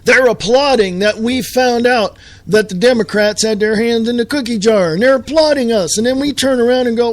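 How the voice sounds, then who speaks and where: A man's voice: very high voice, moderate pace, dry recording. A man hosting a live show, delivering a heated, sarcastic political rant full of rhetorical questions.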